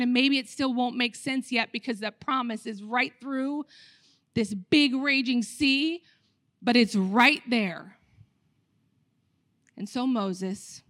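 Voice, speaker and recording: High-voiced woman pastor preaching animatedly. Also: dry recording, studio quality. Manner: animated storytelling, acting out voices of crowds. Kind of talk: sermon.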